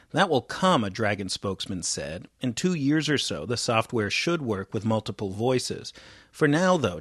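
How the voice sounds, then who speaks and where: A man's voice: fairly low pitch, breathy edge, no echo, clean studio sound. A man delivering a radio news report in a plain, conversational way.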